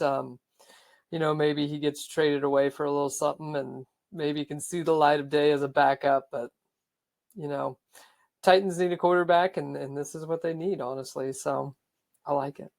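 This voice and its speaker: A man co-hosting a casual sports podcast, giving easygoing analysis with lots of "um"s. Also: a little high. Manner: easygoing, filler-heavy analysis. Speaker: podcast co-host.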